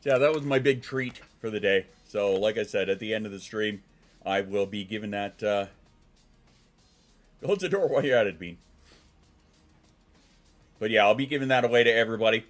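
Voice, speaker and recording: A man's voice: fairly low pitch, moderate pace, pauses often, soft background music. A man chatting casually on a live stream, loose and profane, talking to his pets between comments.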